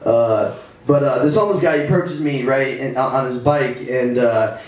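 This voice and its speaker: A male comedian doing a stand-up set at a house party, rambling with lots of fillers and halting restarts. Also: medium pitch, darkish tone. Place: living room at a house party. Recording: echoey room from far off.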